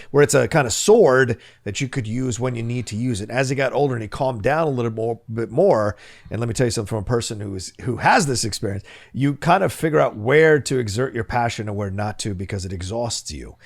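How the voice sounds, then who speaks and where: A man's voice: mid-range voice, brisk, vocal fry. A man co-hosting a podcast, arguing a point about a film character with passion and emphasis. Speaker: podcast co-host. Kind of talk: casual film discussion.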